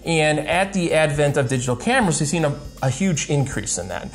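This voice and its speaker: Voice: mid-range voice, expressive, fairly quick, a little hiss or hum. A podcast host talking casually, with many fillers and leading questions to set up the topic.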